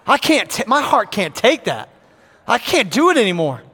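A man preaching a sermon as pastor, acting out quotes with animation and building to shouts. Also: sits high, huge pitch swings, moderate pace, husky, big-room sound.

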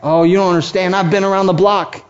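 High-voiced impassioned preacher man. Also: steady tone, fast talker, lo-fi sound. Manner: impassioned, acts out quoted voices. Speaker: pastor. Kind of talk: sermon.

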